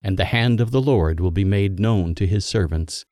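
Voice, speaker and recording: A man giving a scripted liturgical Bible reading in a measured, solemn manner that lifts for quoted speech. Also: low-pitched, a little mellow, no room sound, studio quality. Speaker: scripture reader.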